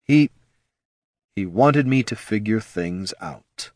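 Brooding young wizard, low and somber, as read by a man narrator; slow, subdued delivery. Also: lively intonation, no room sound, clean studio sound. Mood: wistful.

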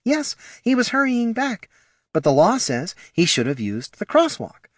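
A man voicing a poor, proud female gnoll mother who speaks softly and pleads, in a storybook reading. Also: high voice, wildly swooping pitch, a little slow, dry recording, clean studio sound, pitched above the performer's own voice, exaggerated voice. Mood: sorrowful.

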